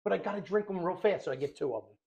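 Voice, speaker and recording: A man's voice: high voice, very fast, gravelly. A middle-aged man telling a story in casual podcast chat, acting out voices and often laughing. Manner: animated storyteller who breaks into laughter, acts out voices. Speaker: podcast co-host.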